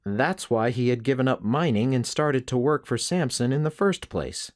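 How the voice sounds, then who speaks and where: Guy reading an audiobook, steady and measured, mid-pitched voice. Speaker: audiobook narrator. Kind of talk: first-person audiobook narration.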